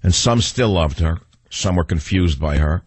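A man with a New York accent rants into a studio mic as a talk radio host, combative and sarcastic. His voice sits low and husky, and the sound is close and dry with no room behind it. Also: lively intonation, moderate pace, no echo.

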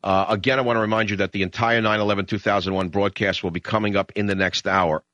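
A man with a New York accent hosting a talk radio show, emotional and combative when he gets excited. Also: lowish voice, fast talker, dry recording. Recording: slightly dull lo-fi radio sound.

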